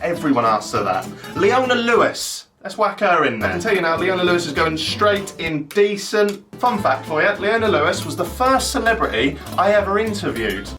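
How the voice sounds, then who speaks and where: A man's voice: high-pitched, big pitch swings, moderate pace, bright, forceful tone, recorded from a distance, faint music behind. A man, telling comic stories in a cheeky, sweary, self-mocking vlog. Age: 20s. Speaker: YouTuber host. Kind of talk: casual storytelling vlog.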